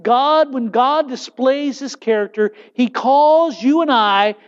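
Pastor, male, high voice, animated sermon with restarts, muffled lo-fi recording. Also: takes it slowly, smooth. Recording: dull, lo-fi sound.

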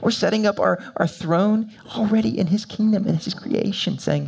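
A man preaching a sermon, moving between quiet, low passages and loud, high-pitched emphasis, with repeated building phrases. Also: normal speed, vocal fry. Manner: repetitive, building rhetorical preaching. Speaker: pastor.

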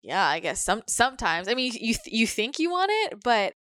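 A woman's voice: fairly high pitch, big pitch swings, moderate pace, fairly bright tone, no room sound. Woman chatting candid on a podcast, swears a bit, dry close sound. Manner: candid, swears, acts out quotes. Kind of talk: casual spiritual chat.

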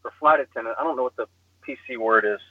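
A young man on a podcast telling a comic story in an animated way, acting out the voices. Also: mid-range voice, fast, slightly rough, no echo, narrow, tinny audio.

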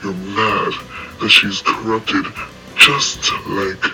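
A man voicing a weakened but defiant young man in an audio story, quiet and bitter. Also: on the low side, flat delivery, extremely slow, heavily acted, rough recording. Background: background music.

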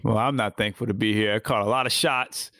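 A man co-hosting a casual wrestling podcast, rambling with halting restarts as he gives his opinions. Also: on the low side, fairly even intonation, fairly bright tone, no echo, studio quality. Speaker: podcast co-host. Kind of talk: casual wrestling recap chat.

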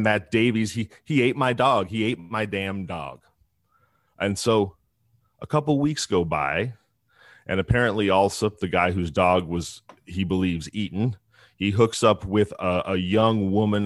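A man with a deep, low-pitched voice tells a true-crime story in a loose, conversational way. He often restarts his sentences and slips in asides. The sound is dry and close, with little room echo.

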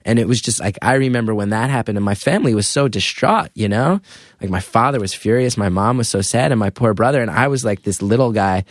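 A man's voice: lowish voice, fast talker, dry recording. Chatty man telling stories on a dry mic. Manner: rambling, lots of "like", animated retellings. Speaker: comedian guest. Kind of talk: candid storytelling.

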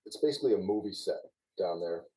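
A man who worked as a golf course superintendent, chatting casually on a podcast and explaining turf care in a relaxed, knowing way. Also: sits low, fast talker, husky, low-quality recording.

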